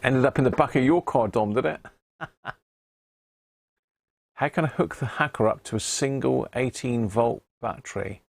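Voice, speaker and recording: A radio-hobby live streamer with a medium-pitched voice talks in clean studio sound, free of echo. His manner is chatty and meandering as he answers the chat, with plenty of restarts while he reads messages out loud.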